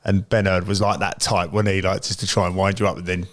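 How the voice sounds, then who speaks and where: A man's voice: deep voice, little pitch movement, fast talker. A middle-aged man from Britain, a former footballer, telling rambling, laughing anecdotes in casual podcast chat.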